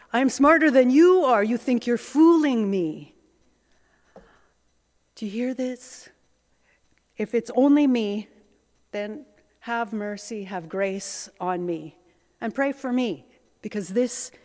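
Slow-speaking woman preacher, reflective. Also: a little high, darkish tone. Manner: reflective, self-searching, conversational. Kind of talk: sermon. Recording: long hall reverb.

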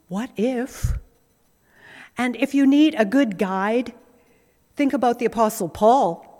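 A woman pastor delivering a sermon in a measured way, pausing often and repeating key phrases. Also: sits high, darkish tone. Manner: measured, with frequent pauses and repetition. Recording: reverberant hall.

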